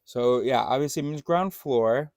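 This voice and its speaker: A man's voice: medium pitch, normal speed, darkish tone, dry recording. A man vlogging in a casual, meandering monologue, thinking aloud with many fillers and restarts and swearing now and then.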